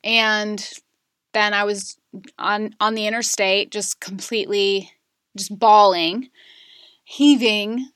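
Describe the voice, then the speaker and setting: A woman in her thirties, a podcast guest, telling a painful personal story candidly, with many fillers and pauses. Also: medium pitch, steady tone, fairly bright tone, dry recording, studio quality. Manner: candid, emotional, frequent fillers. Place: Charlotte area.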